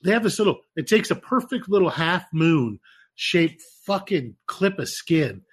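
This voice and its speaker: A man telling profane, animated stories in casual podcast chat. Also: on the high side, measured pace, slightly rough. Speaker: podcast co-host.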